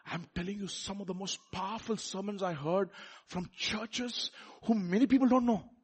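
A man with a Telugu accent preaching a sermon, repeating words and building up to loud rhetorical questions. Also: high-pitched, steady tone, normal speed, husky. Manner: repeats words and restarts phrases.

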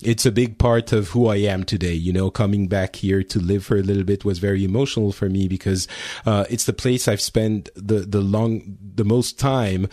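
A man's voice: fairly low pitch, steady tone, moderate pace, few pauses, dark tone, no room sound, clean studio sound. A middle-aged man from France hosting a casual podcast chat, teasing and restarting his sentences often. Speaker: podcast host.

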